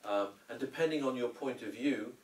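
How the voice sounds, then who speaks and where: A film director with a mid-range voice answers audience questions at a live Q&A after a screening, speaking at a moderate pace. He rambles with restarts and hesitations, acting out quotes like an animated storyteller. The cinema screening room sounds roomy, with a distant mic and faint ambience.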